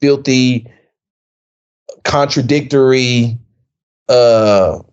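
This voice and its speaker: A man's voice: mid-range voice, extremely slow, darkish tone, smooth. Casting: blunt male podcast co-host, stumbles over repeats, muffled audio. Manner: blunt, repeats words when heated, swears. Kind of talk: casual political chat. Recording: dull-sounding podcast audio.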